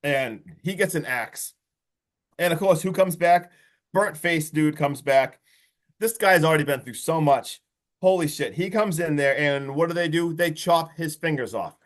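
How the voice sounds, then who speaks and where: A man on a podcast excitedly retelling a horror movie's plot in a rambling, casual way. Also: fairly high pitch, moderate pace. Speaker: podcast co-host.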